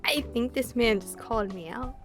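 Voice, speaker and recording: A young woman streamer reading a visual novel aloud, with giggly, excitable reactions. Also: a little high, moderate pace. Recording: faint game music behind.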